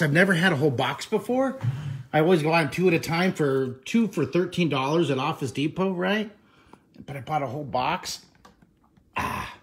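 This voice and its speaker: A drawing teacher greets viewers on a live stream from the living room of a friend's house, his bright, forceful voice sitting a little high for a man. He chats in an excitable, rambling way, picked up by a handheld camera phone.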